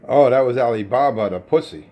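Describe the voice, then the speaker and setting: A man's voice: medium pitch, a little fast, a crowd in the background. A man rants scornfully over CB radio about another operator's gear. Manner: scornful, insulting, technical ranting. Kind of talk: profane CB radio banter.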